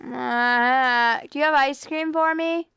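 A woman's voice: sits high, takes it slowly, gravelly, pushed and bright, dry recording. A woman streaming a game, chatting casually in a playful, whiny way, swearing and laughing often. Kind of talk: casual gaming stream chat.

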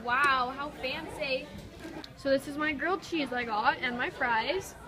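A woman's voice: high voice, a little slow. A young woman chatting casually in a vlog, giggly and talkative, filmed on her phone. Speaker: vlogger. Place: outdoors and in a car. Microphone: phone camera.

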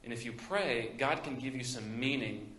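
A man's voice: mid-range voice, normal speed, a bit bright, slight background noise. A young man with a Midwestern American accent preaching a sermon, telling a story with many fillers and restarts. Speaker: pastor. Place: church sanctuary. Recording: echoey church room.

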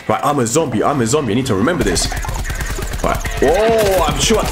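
A man giving excitable live commentary while streaming a game, often shouting and exclaiming. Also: fairly high pitch, moderate pace. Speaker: gaming streamer.

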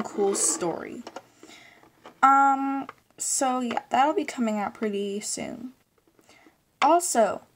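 A young woman hosting a casual unboxing vlog, gushing and excitable, gasping and saying "like" a lot. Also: on the high side, a little hiss or hum. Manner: gushing and excitable, with gasps and many "like"s. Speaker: channel host.

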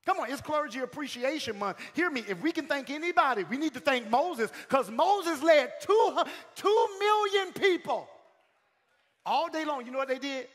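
A male pastor preaching a sermon in a church, calling out to the congregation, swinging from shouted peaks to sudden quiet lines. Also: very high voice, lively intonation, moderate pace. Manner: calls out to the congregation. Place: church sanctuary. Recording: long hall reverb.

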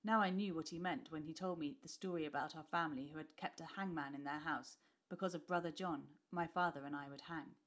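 A woman teacher reading a class novel aloud with expressive storytelling. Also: deep voice, brisk.

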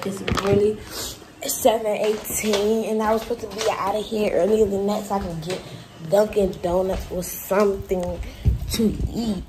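A woman's voice: mid-range voice, darkish tone, slight background noise, low-quality recording. A young woman in her late teens chatting casually and emotionally to her viewers in a vlog. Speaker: vlogger.

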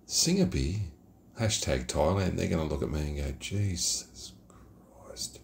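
A middle-aged man with an Australian accent, his voice very deep and gravelly. He rambles casually and drifts into reflection, cursing freely. Faint night noise sits behind him. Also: lively intonation, moderate pace. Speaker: beer reviewer. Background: geckos and night ambience.

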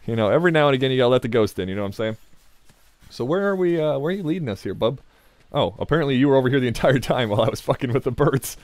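A man's voice: medium pitch, lively intonation, racing, a little mellow, dry recording. A man doing loose, chatty commentary over a video game in a middle-of-the-road voice. He laughs easily, teases the characters on screen, and drifts into offhand asides between bursts of action. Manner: jokey, rambling, talks to the game, laughs often. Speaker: let's play gamer. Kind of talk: gameplay commentary.

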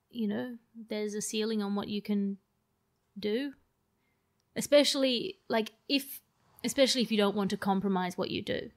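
Guest: Australian woman comic, mid-pitched voice, dry and wry, quick to laugh. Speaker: comedian guest. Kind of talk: casual interview chat.

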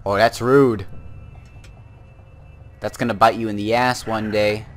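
A man's voice: fairly low pitch, fairly even intonation, measured pace. A man giving casual let's play commentary on a war game, full of chatty, rambling asides.

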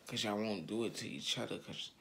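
A man's voice: lowish voice, fairly quick, a bit bright, a little hiss or hum. A man ranting in heated, slangy street talk straight at his viewers, repeating his points over and over. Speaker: online commentator.

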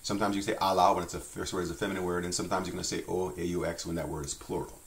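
A man teaching a French language lesson, relaxed and chatty, with frequent fillers and restarts. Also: deep voice, rapid-fire, vocal fry.

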